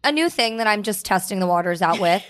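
A woman's voice: medium pitch, animated, fast. A young woman co-hosting a podcast, trading blunt, sweary and playful banter. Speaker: podcast co-host. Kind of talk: casual chat.

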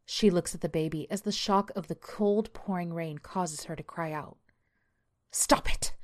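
A woman narrating a dark story with a measured, suspenseful delivery. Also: fairly low pitch.

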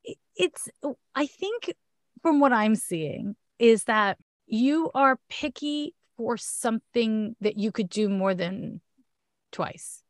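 A woman's voice: fairly high pitch, lively intonation, takes it slowly, no room sound, studio quality. A woman with a Canadian accent giving a frank, chatty astrology reading in a casual one-on-one talk. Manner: chatty, frank, laughs often.

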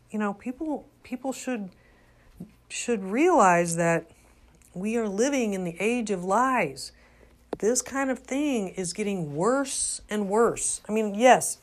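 An older woman giving an earnest, unscripted religious talk, halting with frequent restarts. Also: mid-range voice. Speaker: religious commentator.

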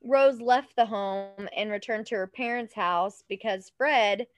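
A woman co-hosting a podcast, telling a story in casual chat, animated, laughing often and tripping over words. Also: mid-range voice, measured pace, no room sound. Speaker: podcast co-host.

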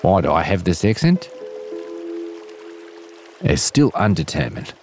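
A man with a put-on Australian accent, playfully leading a slow, soothing guided imagination exercise as a podcast host. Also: deep voice, wildly swooping pitch. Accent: put-on Australian/New Zealand. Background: music and trickling stream sounds.

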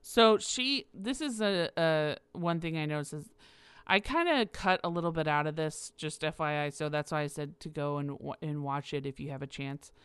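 A woman's voice: low-pitched, moderate pace, a bit bright, clean tone, no echo. A woman hosting a podcast on her own, rambling casually with laughs and frequent fillers. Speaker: podcast host. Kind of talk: casual solo commentary.

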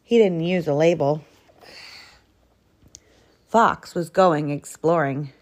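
A woman reading a children's picture book aloud in an expressive storytelling manner. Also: low voice, slow. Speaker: storybook reader.

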